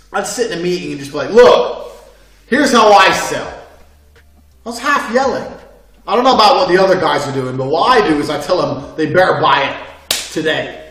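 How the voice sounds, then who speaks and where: A man giving a lecture course, talking forcefully and bluntly with lots of swearing. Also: a little high. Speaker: instructor. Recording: very echoey room, mic far off.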